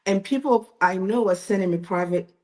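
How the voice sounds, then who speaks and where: A woman's voice: medium pitch, normal speed, darkish tone. A middle-aged woman, an author, telling a personal story in an interview, emotional and laughing, repeating herself as she talks. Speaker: author and magazine editor.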